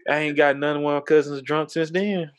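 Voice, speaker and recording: A man's voice: a little high, steady tone, normal speed, clean tone. A man, telling a funny story in casual chat, emphatic and laughing often. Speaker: storyteller recounting a party.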